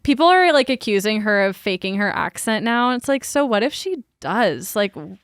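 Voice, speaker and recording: A woman's voice: mid-range voice, very animated, normal speed, smooth, dry recording, studio quality. A young adult woman co-hosting a podcast in casual chat, with a valley girl way of talking full of "like". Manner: valley girl speech, lots of "like". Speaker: podcast co-host.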